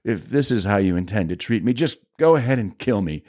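A man's voice: lowish voice, expressive, fairly quick, a little mellow. A man reading the part of an anguished older prophet who pleads with God in a raised, strained voice. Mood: pleading, exasperated.

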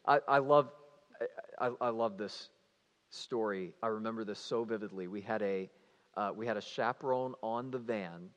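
A man, a youth pastor telling stories in a lively, animated sermon, swinging between playful and hushed. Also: medium pitch, dull audio. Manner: animated storyteller, shouting and mimicking for comic effect. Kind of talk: storytelling sermon. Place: church hall. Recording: reverberant church hall.

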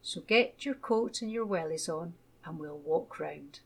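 A woman voicing a gentle, patient mother in a children's storybook, coaxing and reassuring. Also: sits low, lively intonation, a little slow, vocal fry, husky, full character voice.

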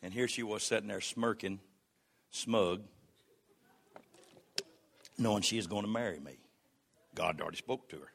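An older pastor delivers a sermon with a gravelly, fry-edged voice. His tone is bright and forceful, and he is folksy and humorous. He swings between shouted exhortation and quiet, confiding storytelling. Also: fairly low pitch, normal speed, long pauses, a little hiss or hum.

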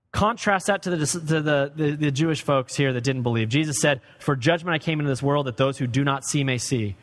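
Male pastor, sermon delivery, emphatic with hushed drops, slightly high voice, long church reverb. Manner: swings from loud emphatic preaching to low quiet asides. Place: church sanctuary.

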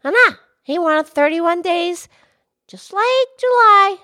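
A woman voicing a cheerful, excitable young pig who hosts a children's podcast, talking with eager bursts of excitement. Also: extremely high pitch, takes it slowly, heavily acted. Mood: explaining. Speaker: podcast host.

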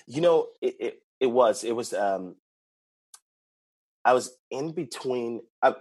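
A man who works as a youth pastor, telling stories in an animated way, repeating words and laughing often. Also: mid-range voice, slow pace, slightly rough. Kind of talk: casual conversational interview.

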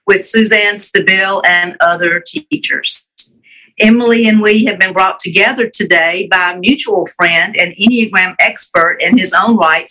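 A woman with a Southern US accent, co-hosting a podcast interview with friendly, unhurried introductions. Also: medium pitch, bright, forceful tone, rough recording. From Alabama, USA. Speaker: podcast co-host.

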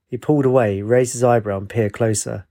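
A man narrating a storybook in a plain, even manner. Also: mid-range voice, fairly quick. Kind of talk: storybook reading.

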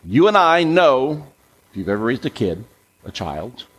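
A preacher giving a sermon in a church, animated and coaxing the congregation to take part. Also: male voice, medium pitch, unhurried, husky, poor audio. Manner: animated, coaxes the audience.

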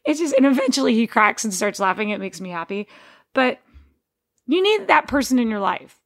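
A woman's voice: on the high side, very animated, brisk, gravelly, fairly bright tone. A woman hosting a podcast, talking in a rambling, digressive casual monologue with frequent restarts. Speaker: podcast host.

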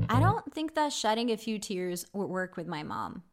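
A woman giving a casual English vocabulary lesson, chatty and candid, often pausing with "um". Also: mid-range voice, very animated, over loud music. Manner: chatty, candid, with frequent ums. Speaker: English teacher.

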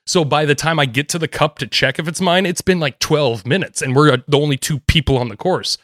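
A man, a golf caddie, telling stories in an animated, laughing, casual chat. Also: fairly high pitch, no echo, clean studio sound. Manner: animated, quick, laughing storyteller.

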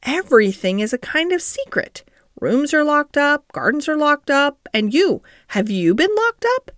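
A woman's voice: sits high, very animated, normal speed, a bit bright, no echo, clean studio sound, pitched above the performer's own voice. A blunt, curious young girl, read by a woman.

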